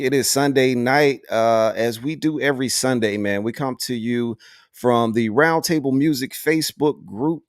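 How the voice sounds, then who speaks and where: A man's voice: mid-range voice, moderate pace, dry recording, clean studio sound. Laid-back man hosting a video panel. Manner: laid-back, slangy, says "man" often. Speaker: host. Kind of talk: casual live panel hosting. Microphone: video call.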